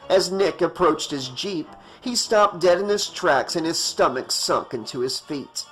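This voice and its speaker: A man's voice: a little high, animated, unhurried, few pauses, fairly bright tone, slightly rough, faint music behind, rough recording. A man reading a horror novel aloud as an audiobook narrator, in a tense, dramatic way.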